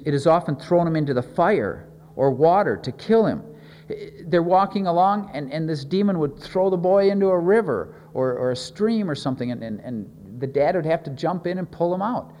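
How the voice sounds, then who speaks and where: A man's voice: fairly high pitch, darkish tone, long reverb tail, a little hiss or hum. A man preaching a sermon in an earnest way, often repeating words as he thinks and leaning on key words.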